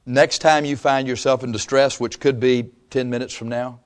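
A man's voice: medium pitch, fairly even intonation, normal speed, clean tone. A male pastor preaching a sermon in a conversational way, with frequent restarts and quotes he acts out.

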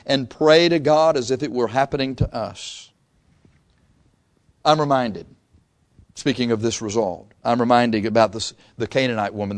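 Male preacher, sermon, impassioned storytelling, acts out voices, slightly high voice.

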